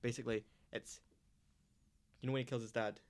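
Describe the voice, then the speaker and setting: Fast flat-voiced young man explaining. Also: mid-range voice. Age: young adult. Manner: quick, keeps asking if others follow. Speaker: podcast co-host. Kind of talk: casual film chat.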